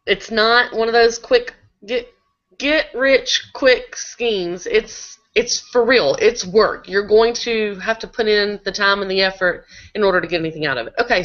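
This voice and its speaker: A woman co-hosts a live blogging webinar from her laptop, speaking in a casual, practical way with plenty of filler words. Her voice sits at a middle pitch. It comes through dull, lo-fi laptop call audio. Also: a bit bright. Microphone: laptop video call.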